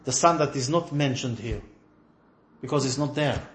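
Animated male teacher in an echoey room. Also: medium pitch, moderate pace, a little hiss or hum. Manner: animated, swings from loud to soft; engages students with questions. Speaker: religious teacher. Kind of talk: classroom lesson.

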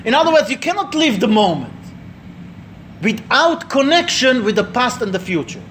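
A man's voice: very high-pitched, big pitch swings, moderate pace, fairly bright tone, slight background noise. A middle-aged man teaching a religious class in a conversational way, telling stories and asking the listeners questions. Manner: storytelling, asks the listeners questions, acts out voices. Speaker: rabbi or teacher leading a class.

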